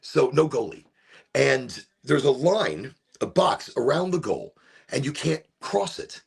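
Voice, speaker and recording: A man's voice: medium pitch, big pitch swings, measured pace, creaky, slightly rough. A man hosting a podcast, casually telling a rambling story with frequent laughs. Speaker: podcast host and youth soccer coach. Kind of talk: casual chat.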